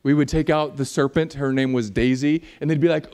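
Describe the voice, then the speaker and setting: A man preaching a sermon in a church, animated and jokey, acting out voices as he talks. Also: mid-range voice, fairly quick, few pauses, clean tone. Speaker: pastor.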